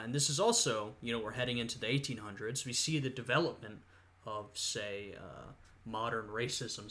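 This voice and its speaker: Young guy, history student, bright voice, casual reaction chat, lots of uhs and you knows. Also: mid-range voice. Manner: thoughtful, lots of "uh" and "you know".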